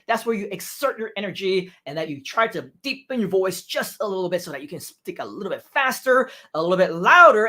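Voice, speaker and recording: A man giving a livestream lesson on public speaking. His pitch swings widely and his energy runs high. He keeps tagging his points with "right?" and "you feel me?". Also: fairly bright tone. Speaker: speaking coach. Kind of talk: livestream training talk.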